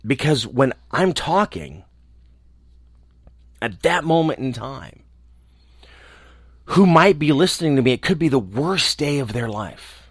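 A man who hosts a show, talking alone in a small room in a reflective, earnest way, often restarting and trailing off softly. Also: medium pitch, very animated, slightly rough, no echo, clean studio sound. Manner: earnest, halting, with restarts and soft trailing endings. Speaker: radio host. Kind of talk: reflective casual monologue.

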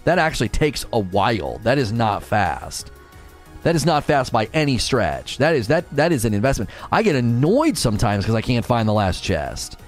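Male streamer, casual chat, animated pitch, light music in the background. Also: normal speed. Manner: chatty, reads chat aloud, animated swings in pitch. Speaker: game streamer.

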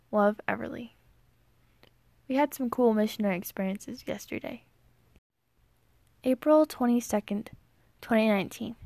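A woman's voice: on the high side, a little mellow, dry recording. A young woman reading her old diary entries aloud in an earnest, mock-dramatic way. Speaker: vlogger.

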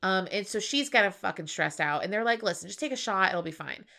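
Podcast co-host, woman, lively up-and-down voice, giggly, swears freely. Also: mid-range voice, brisk, gravelly. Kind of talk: casual TV recap chat.

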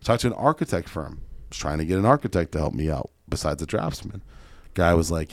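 A man's voice: sits low, brisk, vocal fry, dry recording, clean studio sound. A man hosting a podcast, telling casual stories with swearing and acted-out dialogue. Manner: animated, swears, acts out quoted dialogue. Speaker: podcast host.

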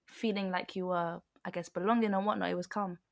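A young woman hosting a podcast in relaxed, slangy chat, quick to laugh. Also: lowish voice, gravelly. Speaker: podcast host. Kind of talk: casual chat.

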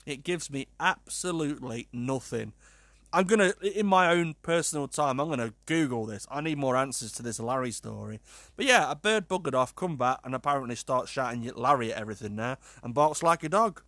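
A man hosting a podcast, reading odd news stories aloud in a casual, incredulous, animated way and swearing freely. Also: mid-range voice, a little fast, dry recording. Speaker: podcast host.

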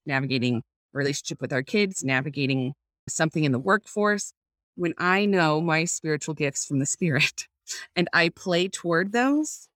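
Her voice sits low with a slight brightness, and the clean studio sound has no room noise. She's an earnest guest on a video call discussing faith and parenting, reflecting aloud and searching for words.

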